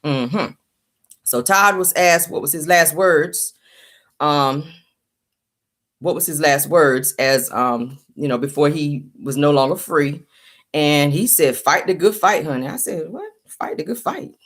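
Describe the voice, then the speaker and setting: Sassy low-voiced woman dishing gossip. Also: takes it slowly, a bit bright. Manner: sassy, chatty, calls listeners child and honey. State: sleepy, just woken up. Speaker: host. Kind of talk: casual celebrity gossip commentary.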